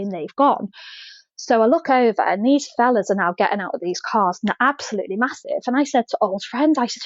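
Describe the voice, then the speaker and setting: Lively woman spinning a yarn. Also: fairly high pitch, no room sound. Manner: lively, swearing storyteller, laughs often. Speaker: podcast guest. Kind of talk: casual anecdote in an interview. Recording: slightly dull, dry podcast audio.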